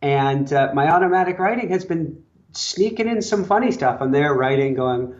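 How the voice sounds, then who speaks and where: Brief: male guest, slightly high voice, relaxed and chuckly, muffled lo-fi recording. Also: moderate pace. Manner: easygoing, chuckling often. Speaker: podcast guest. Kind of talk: casual chat. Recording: dull lo-fi audio.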